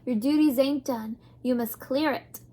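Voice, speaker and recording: A woman voicing a loud, bossy, impatient castle cook who shouts orders in rough folksy speech. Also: high voice, unhurried. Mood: bossy shouting.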